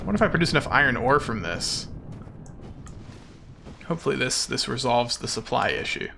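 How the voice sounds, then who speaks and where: A man's voice: medium pitch, very animated, moderate pace, gravelly, bright, forceful tone, a little hiss or hum. A man streaming a game as a VTuber, chatting casually with his viewers in a playful, self-mocking, jokey way.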